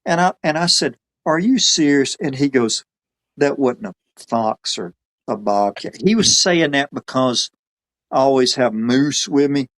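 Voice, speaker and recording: Casting: man, mid pitch, folksy rambling storyteller. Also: expressive, measured pace, fairly bright tone. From Alabama. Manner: folksy, rambling, quotes others in his own voice. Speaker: podcast guest telling a story. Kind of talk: casual storytelling.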